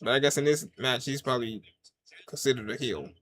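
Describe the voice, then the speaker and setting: A man giving casual live reaction commentary while watching a wrestling show, swinging from loud excited yelps to low mutters in easygoing slang. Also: fairly quick, a little hiss or hum. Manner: casual slang, talks to himself and the chat. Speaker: wrestling watch-along reviewer.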